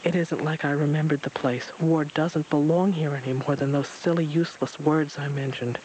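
A man's voice: fairly high pitch, fairly even intonation, moderate pace, darkish tone, a little hiss or hum, lightly acted, rough recording. A man voicing a world-weary stranger with a cane who sighs as he speaks, in a storybook reading. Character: weary old male stranger with a cane, sighing.

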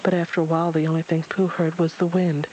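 A man reading a children's story aloud, steady with occasional slips. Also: a little high, quick pace, muffled recording, a little hiss or hum.

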